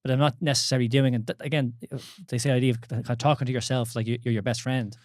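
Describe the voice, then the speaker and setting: A man's voice: medium pitch, little pitch movement, very fast, a little mellow, no room sound, studio quality. A man in his thirties with an Irish accent, co-hosting a casual podcast, candid and swearing often with many restarts. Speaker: podcast co-host.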